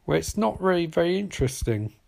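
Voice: medium pitch, sing-song, fast talker, gravelly, a little mellow. Casual, profane watch-along commentator, voice bouncing up and down a lot, filler-heavy rambling. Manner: rambling, profane, frequent fillers and laughing reactions.

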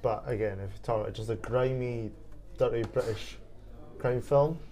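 Animated man chatting about films. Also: medium pitch, moderate pace. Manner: animated, rambling with fillers. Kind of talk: casual film chat.

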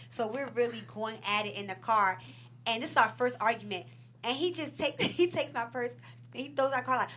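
A woman from Baltimore telling a story as a podcast guest, sassy and quick, laughing as she talks. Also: a little high, bright, forceful tone, a little hiss or hum. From Baltimore, USA. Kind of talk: casual storytelling chat.

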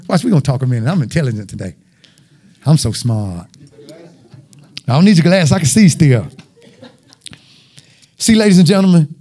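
A man's voice: high-pitched, a little mellow. A man preaching an informal, joking sermon with call-and-response.

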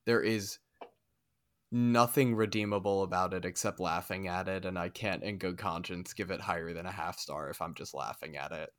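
Low-voiced guy on a podcast, fed up and ranting, dry sound. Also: normal speed, no room sound. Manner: exasperated, emphatic ranting. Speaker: podcast co-host. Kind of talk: casual chat.

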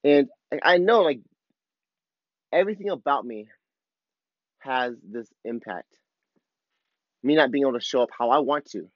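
A man's voice: mid-range voice, animated, moderate pace, pauses often, no room sound. Man in his thirties, raw confessional tone, casual swearing, slightly dull dry recording. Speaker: father vlogger. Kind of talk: candid personal reflection.

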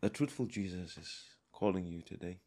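A man preaching a sermon, emphatic and deliberate, with fervent raised passages. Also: sits low, mellow.

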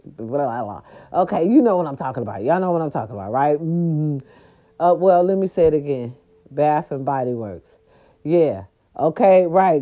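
A woman's voice: mid-range voice, highs cut off. A woman hosting a podcast in casual holiday chat, sassy and playful, who breaks into little growls. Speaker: podcast host.

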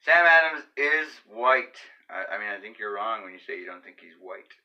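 A man's voice: fairly low pitch, lively intonation, moderate pace, pushed and bright, muffled recording. A man hosting a podcast, chatting over beers with a teasing, sarcastic, joking manner. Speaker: podcast host. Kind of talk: casual chat over beers.

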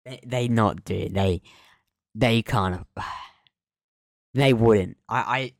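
A man's voice: on the low side, takes it slowly, vocal fry, pauses often, no room sound, clean studio sound. A man co-hosting a podcast in casual chat, agitated and stammering with restarts. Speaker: podcast co-host.

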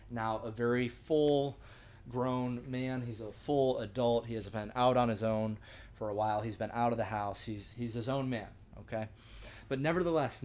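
A man's voice: medium pitch, darkish tone. A young man leading a church discussion, teaching in an earnest, conversational sermon style with frequent restarts and rhetorical asides. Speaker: discussion leader.

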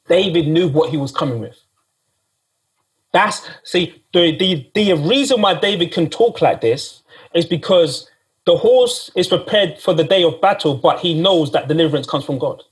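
Man, preacher, sermon, conversational, fairly high voice, husky. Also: a little slow. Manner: conversational, repeats himself and says "guys".

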